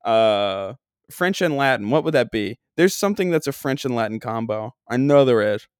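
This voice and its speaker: A man's voice: mid-range voice, lively intonation, normal speed, clear, resonant tone, no echo, studio quality. Rambling New man telling a story. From Long Island. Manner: rambling, self-deprecating, lots of fillers. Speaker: comedian podcast host. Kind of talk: casual storytelling.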